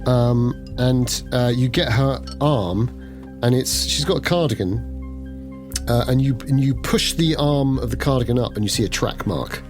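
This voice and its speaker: A man's voice: mid-range voice, unhurried. A man as game master, narrating a horror tabletop game and calling for rolls. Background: background music.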